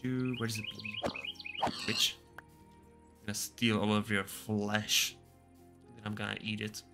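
A man's voice: fairly low pitch, flat delivery, slow, gravelly, music in the background. A young man streaming a game, chatting casually with crude jokes and frequent laughter. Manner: joking, crude, laughs often. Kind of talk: casual gaming stream chat.

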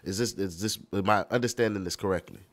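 A man's voice: lowish voice, fast talker. A man from the United States hosting a reaction video, talking bluntly and with heavy profanity. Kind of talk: casual reaction commentary.

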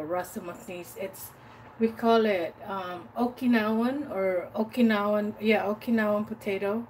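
A woman's voice: medium pitch, a little mellow. A woman from the Philippines hosting a casual cooking livestream from her home kitchen, greeting viewers by name and humming while she works. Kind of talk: casual live-stream chat. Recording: distant mic with background noise.

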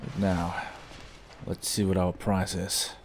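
A man from Austria commentating his own gameplay as a gaming YouTuber, swearing, yelling at enemies and laughing at his own mistakes. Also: low voice, completely flat delivery, slow pace, slight background noise. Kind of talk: let's play commentary.

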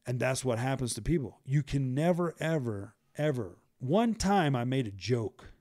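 A man's voice: mid-range voice, lively intonation, moderate pace, a little mellow, no echo, studio quality. A man co-hosting a casual advice chat, talking emphatically with lots of repetition and slang fillers. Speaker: podcast co-host.

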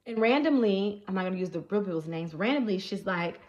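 Brief: woman prophet, earnest testimony, mid-pitched, repetitive, checks in with her audience. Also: lively intonation, fairly quick, darkish tone, highs cut off. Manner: earnest, repeats herself, keeps checking in with listeners. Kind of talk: personal religious testimony to viewers.

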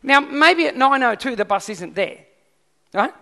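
High-voiced preacher in a reverberant hall. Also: male voice, unhurried, gravelly. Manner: lively, asks the congregation questions. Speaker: pastor. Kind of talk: sermon. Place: church hall.

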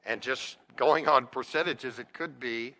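A man's voice: mid-range voice, a little slow, sharp tone. A man preaching a sermon to his congregation, earnest and often putting questions straight to them. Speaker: pastor. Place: church sanctuary. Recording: long church reverb.

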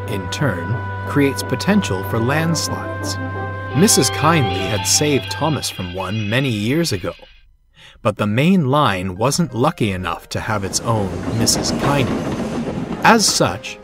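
Slow, expressive male storyteller. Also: medium pitch. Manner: measured, expressive. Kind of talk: storybook narration. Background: music.

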